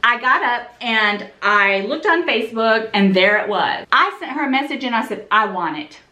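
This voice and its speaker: A woman's voice: fairly high pitch, animated, normal speed, sharp tone, echoey room. A woman vlogger unboxing a gift, breathless and gushing, laughing and sighing between thrilled remarks. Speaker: fashion vlogger. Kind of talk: excited unboxing vlog.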